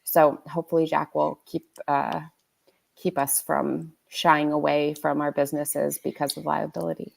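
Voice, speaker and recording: Gravelly-voiced sick woman hosting. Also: sits low, little pitch movement, a little mellow. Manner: chatty, slightly halting with fillers. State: sick, under the weather. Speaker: host. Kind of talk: live webinar hosting.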